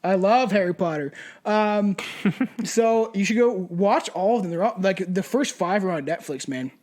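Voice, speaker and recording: A man's voice: high-pitched, a little slow, darkish tone. A man co-hosting a podcast in casual, profane chat, laughing as he tells stories over drinks. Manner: loose, profane, laughing storyteller. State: drinking shots. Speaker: podcast co-host.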